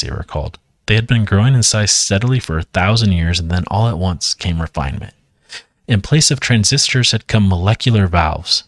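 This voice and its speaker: Low-voiced man, hushed bedtime-style story reader, dry close sound. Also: no echo. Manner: quiet, hushed delivery. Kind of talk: hushed late-night story reading with casual asides.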